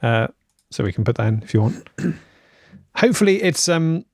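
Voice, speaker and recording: A man's voice: on the high side, big pitch swings, normal speed, darkish tone, dry recording. A man from England co-hosting a comedy podcast, reading listener emails aloud with dry amusement. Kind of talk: casual chat.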